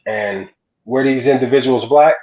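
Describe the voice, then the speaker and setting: A man's voice: medium pitch, normal speed, a little mellow. A man co-hosting a casual uncensored chat, swearing a lot and asking "you know what I'm saying" again and again. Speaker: podcast co-host. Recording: dull lo-fi sound.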